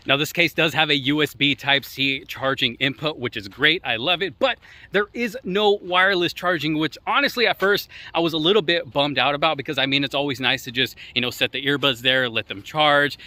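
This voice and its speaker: A man's voice: a little high, bright, forceful tone, no echo. A man chatting casually about earbuds while walking outdoors, recorded on a phone he carries, talking loosely with lots of fillers. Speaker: tech vlogger. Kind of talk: casual walk-and-talk review. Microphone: phone he carries with him.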